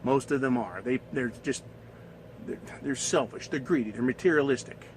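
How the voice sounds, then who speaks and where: A man's voice: medium pitch, moderate pace, a little hiss or hum, rough recording. A man ranting in a coarse, scornful monologue, swearing and laughing at his own points. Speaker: commentator.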